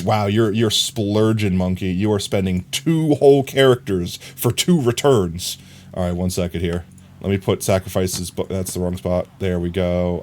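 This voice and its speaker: A man's voice: deep voice, a little mellow, a little hiss or hum. A man streaming live, chatting casually, reading viewers' messages and laughing as he rambles. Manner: rambling, laughing, reads chat aloud.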